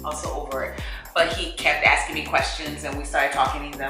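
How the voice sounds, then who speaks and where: A woman, a wigmaker and co-host, telling a story in a relaxed, laughing way. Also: low voice, fast, vocal fry, very echoey, music in the background. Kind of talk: casual storytelling chat.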